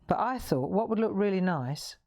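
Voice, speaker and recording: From her craft room, a woman hosts a live colouring tutorial, chatting and demonstrating into a lapel mic and laughing at herself along the way. Her medium-pitched voice is mellow, with lively intonation and a moderate pace.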